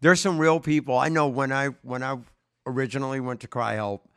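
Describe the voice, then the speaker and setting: A man's voice: medium pitch, fairly even intonation, a little fast, a bit bright, smooth. A man in casual talk-show chat, chiming in with eager agreement. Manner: frequent eager affirmations.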